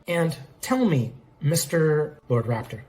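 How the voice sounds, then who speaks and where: A young lawyer declares his conclusions with theatrical self-importance, his voice lifting high. A man acts it out in a raised register, with the words drawn out slowly. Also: very animated, darkish tone, soft background music. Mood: grandiose. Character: earnest young male defense lawyer.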